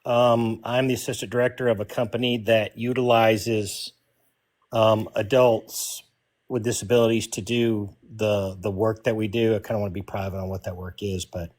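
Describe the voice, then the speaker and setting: A man's voice: lowish voice, flat delivery, moderate pace, a little mellow. A man in his fifties with a mild Southern US accent, chatting easily as a guest on a family livestream, joking and self-deprecating. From New York, raised in the US South. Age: 50s. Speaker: guest father. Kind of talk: casual livestream chat.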